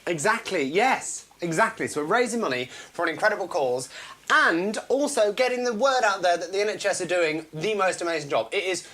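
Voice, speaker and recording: Giggly, lively woman hosting a stream. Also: on the low side, a little fast. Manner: giggly and rambling, chatting to viewers. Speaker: host of a live online comedy show. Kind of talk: live-stream chat show hosting.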